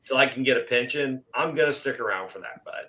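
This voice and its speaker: Bright-voiced man telling a story. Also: mid-range voice, fast, low-quality recording. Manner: animated, acts out quoted exchanges. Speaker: guest. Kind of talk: casual storytelling chat.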